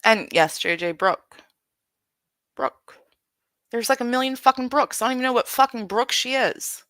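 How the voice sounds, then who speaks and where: Streamer woman, blunt, profane rant, bright sharp tone, dry close sound. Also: on the high side, animated, normal speed, no echo. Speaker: livestream host. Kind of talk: heated livestream rant.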